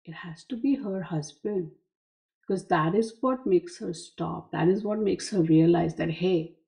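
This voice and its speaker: A woman tarot reader retelling a myth to explain a card's image, unhurried and full of asides. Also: on the low side, vocal fry, dark tone.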